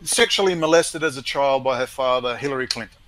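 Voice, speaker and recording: A man's voice: mid-range voice, brisk, a loud crowd, rough recording. A man ranting emphatically and scornfully in a heated conversation, with many restarts.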